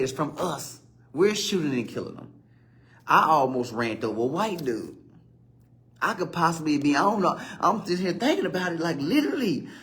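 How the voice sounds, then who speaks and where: A man in his thirties from Virginia, hosting a live talk show and rambling through street stories with lots of profanity. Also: medium pitch. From Virginia, USA. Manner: rambling storytelling with profanity and animated quoted outbursts. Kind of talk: casual live-stream monologue.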